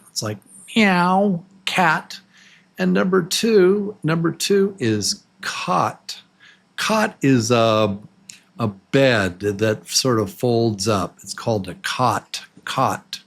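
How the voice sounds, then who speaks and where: A man's voice: mid-range voice, vocal fry, fairly bright tone. A man teaching a beginner English pronunciation lesson, drawing out and exaggerating each example word. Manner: slow, exaggerated, drawn-out example words. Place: Los Angeles.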